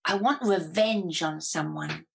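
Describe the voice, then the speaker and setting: A woman's voice: on the low side, takes it slowly, vocal fry, slightly rough, heavily acted, poor audio. A woman voicing a bitter young orphan girl who answers in short, cold replies.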